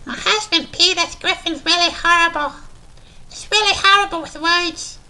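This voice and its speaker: A man doing an impression of an exasperated cartoon housewife in a high falsetto. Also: moderate pace, bright, forceful tone, full character voice, rough recording.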